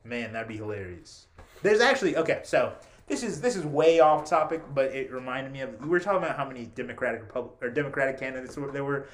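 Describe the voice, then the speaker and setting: A man with a medium-pitched voice talks fast while hosting a podcast. He tells stories in casual chat as an animated storyteller, acting out quotes and laughing often.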